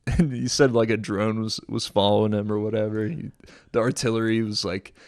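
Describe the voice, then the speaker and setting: A man and military veteran, telling war stories in an animated, slangy way with frequent laughter. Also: lowish voice, fairly quick, dry recording, clean studio sound. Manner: animated storyteller, slang like "dude", laughs a lot. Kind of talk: casual podcast storytelling.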